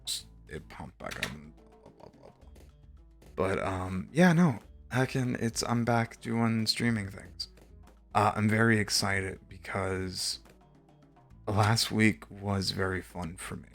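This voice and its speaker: Low-voiced young man rambling on stream. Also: slow, creaky, a bit bright, faint music behind. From Texas. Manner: rambling storyteller, lots of fillers, casual swearing. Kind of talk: casual chat while gaming.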